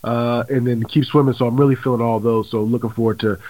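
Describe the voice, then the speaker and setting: A man hosting a radio interview show, talking in a quick, upbeat way and repeating catchphrases. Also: medium pitch, steady tone, darkish tone, dry recording, poor audio.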